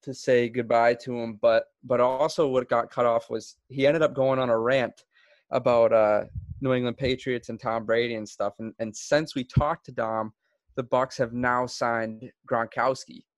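A man hosting a podcast in casual chat, relaxed and rambling with plenty of fillers and restarts. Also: mid-range voice, moderate pace, no echo. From Florida. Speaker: podcast host.

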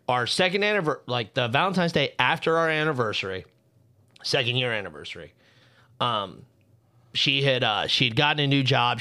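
Guy on a podcast ranting hard, swearing nonstop, bright sharp voice, all worked up. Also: mid-range voice. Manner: heated, profane ranting storytelling. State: worked up and feeling hot. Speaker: podcast co-host. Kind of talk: casual podcast chat.

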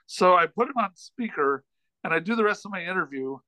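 High, bright-voiced man telling a rambling story. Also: brisk, no echo, low-quality recording. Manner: rambling, animated anecdote with frequent restarts. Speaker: podcast guest, comedian and author. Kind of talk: casual storytelling in a chat.

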